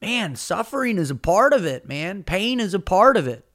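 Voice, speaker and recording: A man's voice: sits high, big pitch swings, normal speed, fairly bright tone. A middle-aged man giving an earnest, emphatic solo podcast talk as a motivational speaker, often saying "man".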